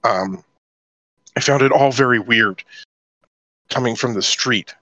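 A man's voice: medium pitch, takes it slowly, bright, forceful tone, no room sound. A middle-aged man from southern California, telling his life story as an interview guest and acting out his own past lines. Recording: dull dry lo-fi audio.

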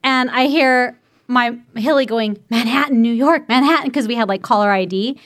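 Young woman, high voice, animated storyteller, acts out voices, casual chat. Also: moderate pace.

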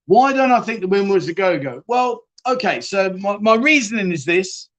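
A man's voice: high voice, expressive, normal speed, fairly bright tone. A man hosting a live chat show, rambling and joking as he reads out viewer comments and calls people mate.

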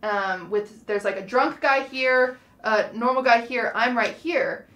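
A young woman co-hosting a podcast, telling a casual story in an animated way and acting out the quoted lines. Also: a little high, unhurried. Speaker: podcast co-host. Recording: roomy, echoey sound.

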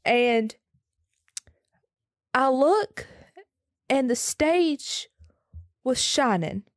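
A young woman, slightly hoarse and raspy from screaming, telling a story in casual podcast chat with quick asides. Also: high-pitched, expressive, dry recording, clean studio sound. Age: young adult. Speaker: podcast co-host.

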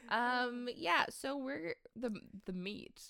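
A young woman with a gravelly, fry-laden voice, recorded close and dry. She co-hosts a podcast in relaxed, chatty conversation. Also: a little high, takes it slowly, dry recording. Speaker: podcast co-host. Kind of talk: casual chat.

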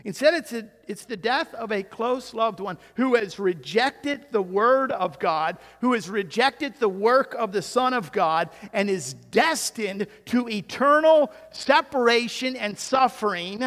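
A man's voice: very high-pitched, lively intonation, measured pace, a bit bright. A man preaching an expository sermon, emphatic and given to rhetorical questions and repeated words. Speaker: pastor. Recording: long hall reverb.

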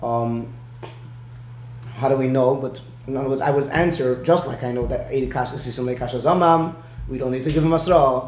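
A man's voice: mid-range voice, moderate pace, darkish tone, echoey room, slight background noise. A man giving a one-on-one Talmud lesson, explaining step by step and often checking in with "right?". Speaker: Talmud teacher.

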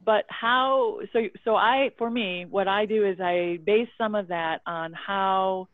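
A guest who works as a public relations consultant, talking in a measured way and explaining with examples. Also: female voice, medium pitch, no room sound. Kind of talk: casual conversation. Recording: dry tinny phone-like line.

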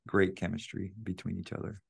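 Gravelly low-voiced male podcast host. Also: monotone, fairly quick. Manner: encouraging, affirming with frequent yeahs. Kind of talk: casual interview chat.

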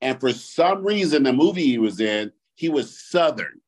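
Animated man, mid-pitched, telling rants. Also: normal speed. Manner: animated, profane storytelling with sudden pitch jumps. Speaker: podcast co-host. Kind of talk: casual podcast chat.

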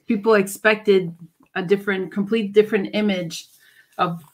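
A woman's voice: medium pitch, fairly even intonation, normal speed. A woman co-hosting a casual faith podcast, chiming in supportively with her own examples. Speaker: podcast co-host.

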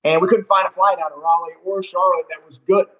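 Man, high voice, chatty interview guest, muffled lo-fi audio. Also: fast. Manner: animated, rambling, with many restarts. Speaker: golf tournament director. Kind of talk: casual storytelling interview. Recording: dull lo-fi sound.

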